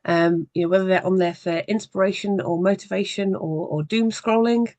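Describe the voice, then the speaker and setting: Workshop trainer with a gravelly voice and dry, close sound, talking through tips conversationally with frequent pauses. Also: mid-range voice, steady tone, darkish tone, no room sound. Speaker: social media marketing trainer. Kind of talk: evening workshop presentation.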